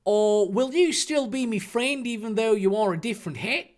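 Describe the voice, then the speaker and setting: A man's voice: high-pitched, expressive, moderate pace. A man voicing a timid, eager boy sidekick in a comedic fan-fiction reading.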